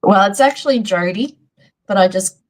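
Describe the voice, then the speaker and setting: A woman's voice: medium pitch, normal speed, low-quality recording. A woman from Australia with an Australian accent, a university teacher calling in and giving brief, modest answers. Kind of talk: casual chat.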